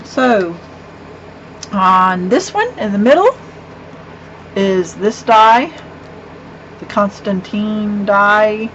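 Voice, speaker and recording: A woman's voice: mid-range voice, expressive, extremely slow, pauses often, a bit bright. A middle-aged woman casually showing her handmade cards, chatty and rambling, with gushing asides. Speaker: card-making vlogger. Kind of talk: casual craft show-and-tell. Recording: dull lo-fi with faint hum.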